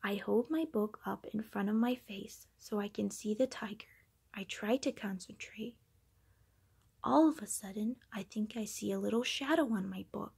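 Gravelly woman reading a picture book aloud. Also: mid-range voice, normal speed. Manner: animated, acting out sound effects. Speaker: storybook reader. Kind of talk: children's read-aloud.

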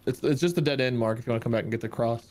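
A man's voice: mid-range voice, rapid-fire, a little mellow. A man playing a co-op horror game with friends, chatty and playful, offering tips. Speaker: co-op game guest. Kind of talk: casual co-op gaming chat.

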